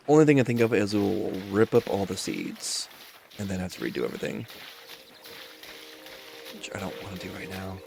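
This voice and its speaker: A man's voice: low voice, gravelly, a little mellow. A man streamer chatting casually while he plays a game, rambling and easygoing as he thinks aloud. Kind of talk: casual chat while gaming.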